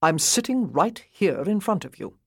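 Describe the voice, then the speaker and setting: A woman's voice: lowish voice, very animated, moderate pace, gravelly, husky, dry recording, clean studio sound, full character voice. Woman voicing a blunt, horse-mad young earl. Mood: impatient. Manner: curt, commanding.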